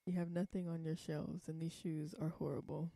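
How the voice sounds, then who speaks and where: A woman's voice: sits low, little pitch movement, normal speed, warm tone, no echo. Blunt, rambling young woman vlogger. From California. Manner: blunt and profane, rambling with many ums. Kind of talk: casual vlog monologue.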